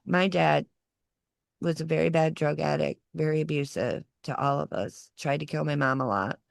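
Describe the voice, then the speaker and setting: Woman in her forties, podcast guest, low gravelly voice, lively storyteller who acts out quotes, dry close sound. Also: normal speed, dry recording. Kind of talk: personal storytelling in casual conversation.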